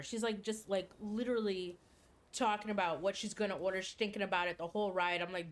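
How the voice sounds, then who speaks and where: A woman's voice: medium pitch, fairly quick. A woman streaming a game, casually telling a long story with lots of swearing and laughter. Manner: animated, swears freely, laughs while telling. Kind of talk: casual storytelling during a livestream.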